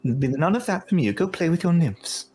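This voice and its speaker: A man's voice: a little high, lively intonation, normal speed, a little mellow, slightly rough, voice pushed up. A man voicing a gracious, regal fairy queen who speaks with stately courtesy.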